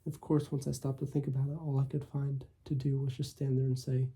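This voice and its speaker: Guy reading a story out loud, super husky dark voice, gravelly. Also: mid-range voice, level tone. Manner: measured, with small slips and coughs. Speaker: audiobook reader. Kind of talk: first-person story reading.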